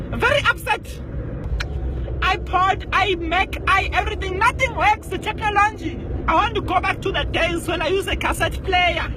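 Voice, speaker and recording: A man playing an exasperated South African man who rants at technology while driving, with loud exclamations and slang. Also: very high voice, very noisy. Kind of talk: comedy sketch monologue. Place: inside a car on the road.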